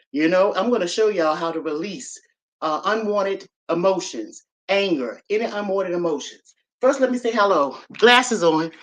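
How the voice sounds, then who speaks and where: Breathless woman chatting on a live stream. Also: on the low side. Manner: chatty, addresses viewers directly. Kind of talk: casual live stream talk.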